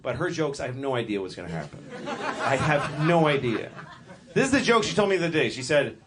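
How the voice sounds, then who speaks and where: A man's voice: on the high side, sing-song, fairly quick. A middle-aged man doing a stand-up routine on a comedy club stage, rambling and stopping to restart his thoughts, breaking into voices for the animals in his jokes. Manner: rambling, self-interrupting, acts out animal voices. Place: comedy club stage before a laughing audience. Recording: live stage recording with crowd noise.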